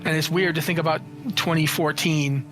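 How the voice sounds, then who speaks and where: A man in his forties with a high, light voice tells stories as an interview guest. He is animated and jokey and acts out what people said, with frequent restarts. Faint music plays under him. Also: moderate pace. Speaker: interview guest, games journalist and writer. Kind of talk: casual storytelling in an interview.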